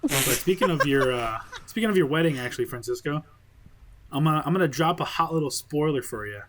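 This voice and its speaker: A young man in casual podcast chat, joking and laughing often as he pitches a best man speech. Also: expressive, a little fast, fairly bright tone.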